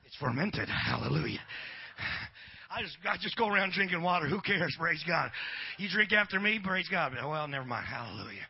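A man's voice: a little high, big pitch swings, normal speed, vocal fry, breathy edge, highs cut off. A middle-aged man preaching a sermon in a church, folksy, sprinkling amen and praise God through his talk. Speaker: pastor.

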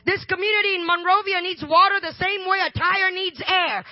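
A woman preaching a sermon, chatting and joking before rising into loud, slow shouted lines. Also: very high voice, steady tone, dry recording. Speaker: guest preacher. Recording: slightly dull, dry sound.

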